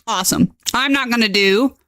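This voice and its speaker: In clean studio sound with no room sound, a woman with a slightly high voice speaks at a normal speed. She hosts a casual live-stream tutorial as game master, chatty and excitable, reacting aloud while clicking and tagging lines with "okay?".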